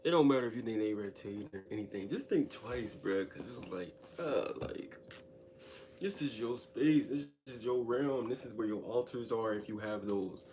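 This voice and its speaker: A man telling a story in a casual storytime monologue, slangy and animated, and speaking directly to his listeners. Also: lowish voice, normal speed, slight background noise.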